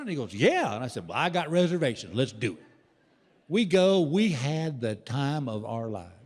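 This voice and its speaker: An older man doing folksy, animated stand-up storytelling, acting out the voices of the people in his stories. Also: fairly high pitch. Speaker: stand-up comedian. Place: large live venue with audience laughter. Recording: live stage recording with hall reverb.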